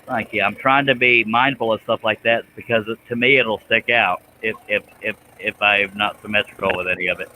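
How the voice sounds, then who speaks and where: A man's voice: fairly low pitch, steady tone, a little fast, few pauses, noisy background. A man hosting a live stream, chatting casually and joking about himself while he draws a pattern. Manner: talks while drawing, restarts and self-deprecating jokes. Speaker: host.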